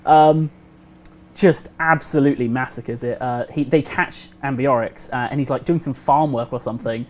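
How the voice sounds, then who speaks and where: A man telling a history story casually on a game developer livestream, animated and acting out the quotes. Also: medium pitch, moderate pace, slight background noise. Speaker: community host.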